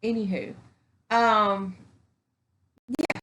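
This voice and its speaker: A woman's voice: medium pitch, fairly even intonation, very slow, background noise. A woman talking casually and earnestly to her camera, rambling and folksy, repeating things for emphasis. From Texas. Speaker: vlogger. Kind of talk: casual heartfelt talk to camera. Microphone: camera mic.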